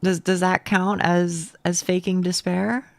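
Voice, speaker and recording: A woman's voice: fairly low pitch, flat delivery, measured pace, creaky, no room sound. A young woman streaming a game from home on a close mic, chatting casually with chat, self-deprecating, stammering and swearing.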